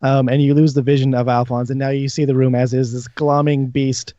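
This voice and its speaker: A man's voice: mid-range voice, level tone, brisk, dark tone, no room sound. Male dungeon master, stop-start narration, dull stream audio. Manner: hesitant, many ums and restarts. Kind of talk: narrating a tabletop game.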